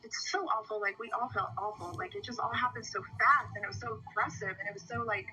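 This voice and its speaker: A woman's voice: medium pitch, fairly even intonation, quick pace, crowd noise, rough recording. A woman giving a rambling statement to a police officer, full of "like" and retold quotes, picked up on a bodycam. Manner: rambling, heavy use of "like", voices other people when retelling.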